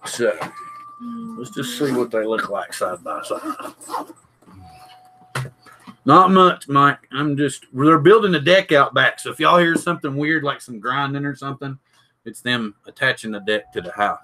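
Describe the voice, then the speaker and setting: A middle-aged man hosts a casual live stream. He rambles and thinks aloud, stopping to greet viewers as they drop in. His voice sits at an ordinary middle pitch. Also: lively intonation, measured pace, long pauses, bright, forceful tone, a little hiss or hum, low-quality recording. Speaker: drone channel host. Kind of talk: live-stream product unboxing chat.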